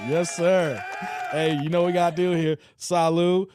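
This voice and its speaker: A man's voice: fairly high pitch, little pitch movement, moderate pace, music in the background, crowd noise. A man hosting a reaction commentary show, joking loosely, laughing often and reading out live chat.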